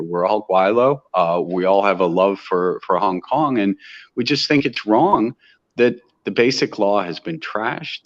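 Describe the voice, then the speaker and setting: This lo-fi clip has an American interview guest with a lowish voice, speaking in a conversational exchange. He comes across as earnest and impassioned, frequently starting his sentences over as his argument takes shape.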